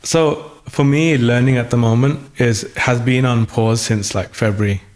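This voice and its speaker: A man's voice: medium pitch, steady tone, moderate pace, darkish tone. A man in a conversational interview, speaking thoughtfully with hesitant restarts, his voice still recovering after an illness. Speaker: guest musician.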